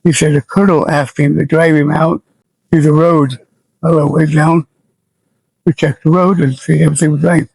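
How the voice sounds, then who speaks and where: Gravelly older man, plainspoken and somber. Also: a little high, flat delivery, fairly quick, darkish tone, no room sound, poor audio. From United States. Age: 70s. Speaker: veteran interviewee. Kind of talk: oral history recollection.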